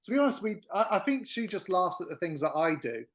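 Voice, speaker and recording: A man's voice: sits high, sing-song, quick pace. A man guest in a casual group chat, joking about himself with some swearing. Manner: self-mocking, sweary.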